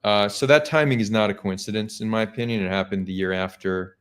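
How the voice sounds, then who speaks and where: Skeptical male streamer, low voice. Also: fairly even intonation, fast talker, fairly bright tone. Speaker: streamer host. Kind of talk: casual live-stream debate.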